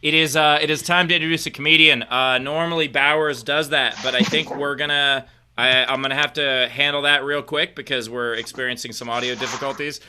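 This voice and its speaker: A man's voice: mid-range voice, steady tone, a little fast, bright, forceful tone, a little hiss or hum. A man hosting a live online comedy show, joking around and introducing the next comic with a lot of filler words. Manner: jokey, introduces acts with filler-heavy patter. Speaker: host.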